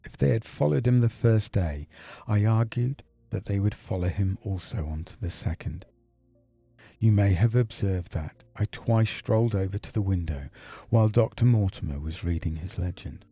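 A man doing a brilliant detective with a very low, dark voice and a slightly husky edge. He is brisk and dry, explaining in crisp, measured phrases. Soft music plays faintly behind him. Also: no room sound. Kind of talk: audiobook character reading.

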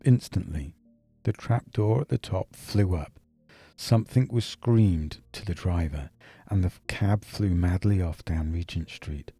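A male narrator reading a classic story with a low, dark voice and a slightly husky texture. His storytelling is steady and measured. Faint music plays underneath. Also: no room sound. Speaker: audiobook narrator. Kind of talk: scripted narration.

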